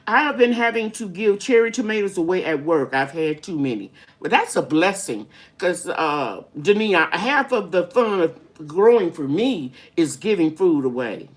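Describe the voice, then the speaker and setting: A woman's voice: on the low side, big pitch swings, normal speed, hardly any pauses. An older woman hosting a live-stream gardening Q&A, chatty and folksy, greeting viewers by name as she rambles through explanations. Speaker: gardening channel host.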